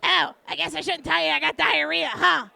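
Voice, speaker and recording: A woman imitating a brash, crude, teasing woman friend on the phone, loud and foul-mouthed. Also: sits high, steady tone, normal speed, vocal fry, full character voice.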